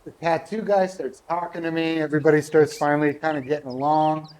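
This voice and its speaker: A man with a fairly high-pitched voice tells a rambling story in relaxed, casual conversation. He keeps slipping into the voices of the people he quotes as he goes. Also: fairly quick. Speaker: guest golfer. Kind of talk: casual anecdote telling.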